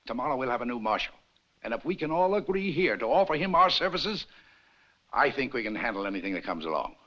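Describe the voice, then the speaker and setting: An actor playing an earnest town leader making a measured, swelling speech to a church meeting, on an old lo-fi film soundtrack. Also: male voice, medium pitch, sing-song, bright, forceful tone. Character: earnest persuasive male town leader, middle-aged. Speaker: townsman addressing a church meeting.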